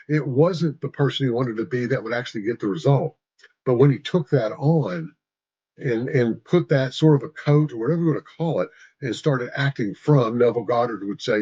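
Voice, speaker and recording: A man's voice: medium pitch, warm tone, slightly rough, dry recording, dull audio. A man in his sixties, a business coach, tells a story in a conversational way, acting out the dialogue and asking "right?". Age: 60s. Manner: conversational, tag questions, quotes dialogue. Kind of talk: storytelling talk.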